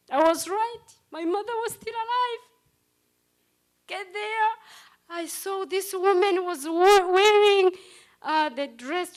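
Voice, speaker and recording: A middle-aged woman giving a personal testimony at a commemoration, speaking in short, halting phrases. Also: sits high. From Rwanda.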